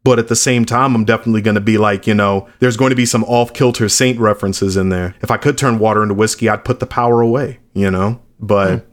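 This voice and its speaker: A man in his late thirties, a musician being interviewed. His voice sits on the low side, and he talks candidly and reflectively, with the odd blunt remark. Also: fairly even intonation, fast, few pauses. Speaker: musician guest. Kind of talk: interview conversation.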